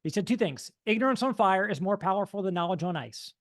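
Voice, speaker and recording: A man giving an energetic motivational talk, mimicking dull and excited voices to make his point. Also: high-pitched, quick pace. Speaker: motivational speaker.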